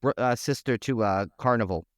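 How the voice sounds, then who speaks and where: A man with a mid-pitched voice co-hosting a podcast. He rambles and jokes, with plenty of "like" and "uh". The recording is dry and close. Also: brisk, no room sound. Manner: jokey, rambling, uses lots of "like" and "uh". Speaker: podcast co-host. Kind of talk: casual podcast chat.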